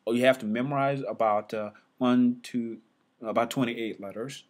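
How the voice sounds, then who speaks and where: A man teaching a casual whiteboard lesson, sounding letters out loud again and again with many fillers and restarts. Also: medium pitch, steady tone, normal speed.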